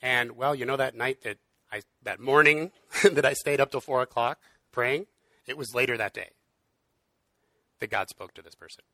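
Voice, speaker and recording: A man's voice: mid-range voice, moderate pace, pauses often, bright, forceful tone, dry recording. A man preaching in an earnest, conversational way, with frequent fillers. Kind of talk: casual sermon.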